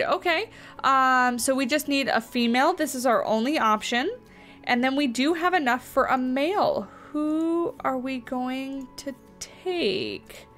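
A woman with a fairly high voice talks through her zoo-building gameplay in a loose, chatty way. She reacts out loud to each surprise in the game. Soft music plays faintly underneath. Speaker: let's play host. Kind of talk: casual gameplay commentary.

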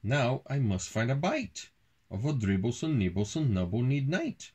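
A father reading aloud, voicing a gentle young male dragon in a picture book. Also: medium pitch, very animated, normal speed, husky. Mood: musing.

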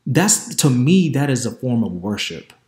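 A man's voice: medium pitch, big pitch swings, unhurried, a little mellow. A man speaks with frank, chatty candor, turning often to address his listeners as he tells a personal story. His voice sits in the middle of the male range. The recording carries a noticeable room echo. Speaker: podcast host. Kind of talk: candid storytime monologue.

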